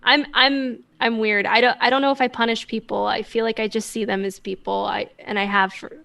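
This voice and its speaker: Lady telling a story, higher voice, kinda rambly and awkward about herself. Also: little pitch movement, brisk, vocal fry, sharp tone. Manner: rambling, self-deprecating, with many restarts. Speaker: musician guest. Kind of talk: casual storytelling chat.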